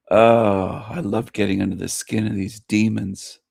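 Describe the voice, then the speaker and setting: A man's voice: on the low side, vocal fry, a little mellow, breathy edge, dry recording, studio quality. A man hosting a casual livestream, repeating phrases in a gleeful, mocking way. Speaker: livestream host.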